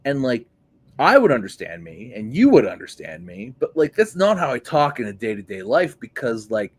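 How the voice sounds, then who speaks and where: Animated, swearing podcast host man. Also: mid-range voice, normal speed, slightly rough. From Pittsburgh area, USA. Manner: animated, swearing, lots of fillers. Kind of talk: casual profane chat.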